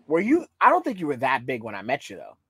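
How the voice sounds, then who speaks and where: A man's voice: mid-range voice, wildly swooping pitch, quick pace, a bit bright, breathy edge, no room sound, studio quality. A man hosting a podcast, prompting his guest and chiming in to explain details in casual chat. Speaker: podcast host.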